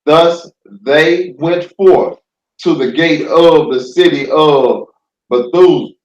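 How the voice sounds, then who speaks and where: A man reading scripture aloud slowly, stumbling over words. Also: a little high, darkish tone, echoey room, muffled recording. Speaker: scripture reader.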